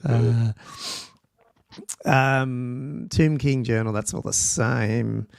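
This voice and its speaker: A man's voice: medium pitch, steady tone, very slow, vocal fry, a little hiss or hum. A man hosting a livestream podcast, reading out rules and thinking aloud in a loose, casual way with ums and restarts. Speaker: podcast host.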